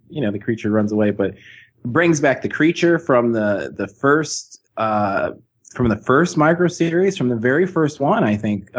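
A man in a casual chat, talking excitedly and rambling with fillers. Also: mid-range voice, breathy edge.

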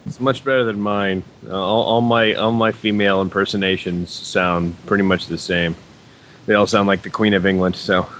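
A man's voice: fairly low pitch, steady tone, moderate pace, a bit bright, a little hiss or hum. A man co-hosting a casual podcast chat, wisecracking and poking fun at himself. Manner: wisecracking, self-mocking. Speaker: podcast co-host.

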